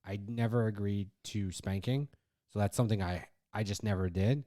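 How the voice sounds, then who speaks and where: A man with a fairly low voice co-hosts a casual podcast and talks frankly, with a few casual swear words. His delivery is plain and direct. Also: normal speed, dark tone. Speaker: podcast co-host. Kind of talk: casual chat.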